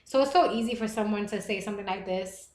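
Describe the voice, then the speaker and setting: A young American woman hosting a livestream podcast, chatting casually with viewers in a playful, animated way. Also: mid-range voice, quick pace. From United States. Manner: animated and playful, with gasps and bursts of laughter. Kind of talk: casual livestream chat reading viewer comments. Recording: echoey room.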